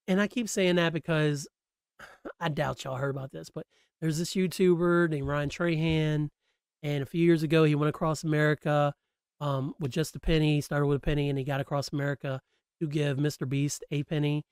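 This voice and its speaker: A man's voice: on the high side, clear, resonant tone, dry recording, clean studio sound. Slangy, rambling man hosting a podcast. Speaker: podcast host. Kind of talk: casual solo chat.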